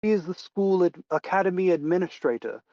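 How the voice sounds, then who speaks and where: A man's voice: high-pitched, expressive, brisk, dark tone, no echo, dull audio, pitched above the performer's own voice. A man voicing a polite, hesitant young man in a tabletop game.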